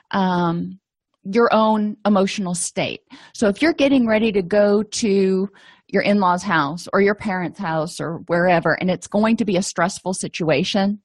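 A middle-aged woman with a mid-range voice gives an educational lecture, recorded dry. Her style is conversational and anecdotal, and she uses fillers often.

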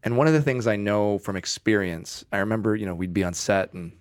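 A man hosting a casual interview, affirming his guest and asking quick questions. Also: on the low side. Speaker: podcast host.

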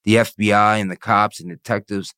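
Guest, male, very low voice, dry sound, profane streetwise rambling. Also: fairly even intonation, fairly quick, bright, forceful tone, clean tone, no room sound. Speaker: interview guest. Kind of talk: casual storytelling.

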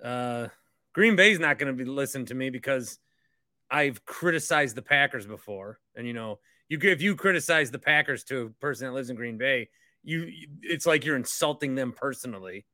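A man's voice: medium pitch, animated, moderate pace, bright, forceful tone, no room sound. A man hosting a casual podcast and rambling with joking asides, recorded close on a studio mic. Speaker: podcast host, former radio host.

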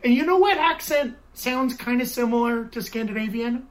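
A man's voice: very high voice, moderate pace. A man, a show producer, talking through a theory in casual panel chat and often checking in with "right?". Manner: chatty, keeps adding "right?".

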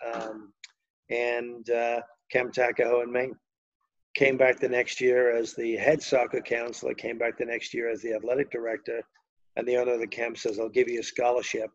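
A man's voice: medium pitch, lo-fi sound. An older man from England with a Liverpool accent, telling long, rambling anecdotes with many fillers as an interview guest. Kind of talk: storytelling interview.

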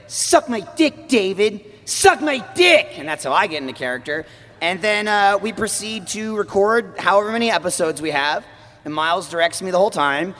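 Animated high-voiced man telling stories. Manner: animated storyteller, swears a lot. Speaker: podcast host. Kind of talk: casual panel chat. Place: live convention stage. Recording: large hall with long reverb.

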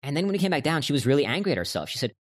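Fast-talking earnest male podcast guest. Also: on the high side, sing-song. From United States. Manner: earnest, explains through stories and quotes. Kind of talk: conversational interview.

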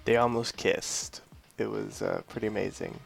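A man co-hosting a podcast talks in a mid-pitched voice full of vocal fry. He is enthusiastic and teases his co-hosts in relaxed chat, with faint music behind him. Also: normal speed. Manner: enthusiastic, playful teasing. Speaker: podcast co-host. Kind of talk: casual chat.

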